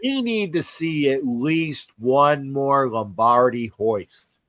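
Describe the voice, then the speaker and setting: A man's voice: medium pitch, animated, slow pace, fairly bright tone, no echo. A man hosting a casual sports talk show, rambling, repeating words and joking. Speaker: host.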